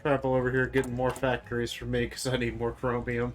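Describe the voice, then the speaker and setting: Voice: mid-range voice, monotone, a little fast, faint music behind. Playful streamer hosting a strategy game. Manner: playful, jokey, bursts into laughter. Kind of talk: casual multiplayer strategy game chat.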